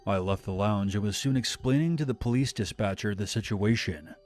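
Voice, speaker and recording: Low-voiced man narrating a horror story. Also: fairly quick, darkish tone, faint music behind.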